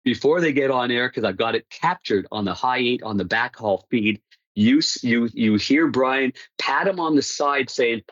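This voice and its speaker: A man's voice: mid-range voice, lively intonation, moderate pace, a bit bright, no echo, highs cut off. A man, a hockey broadcaster, recounting stories casually in an interview, with frequent restarts and laughter. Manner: rambling, many restarts, laughs at own stories.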